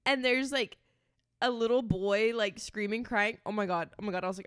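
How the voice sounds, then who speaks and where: A woman's voice: on the high side, brisk, dry recording, studio quality. Chatty young woman co-hosting a podcast. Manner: chatty, animated storytelling, swears freely. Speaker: podcast co-host. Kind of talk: casual chat.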